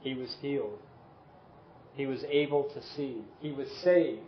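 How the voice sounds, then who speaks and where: A man preaching a sermon and leading a closing prayer, earnest and dropping softly on key words. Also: mid-range voice, measured pace, slight background noise. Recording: echoey room, slightly dull sound.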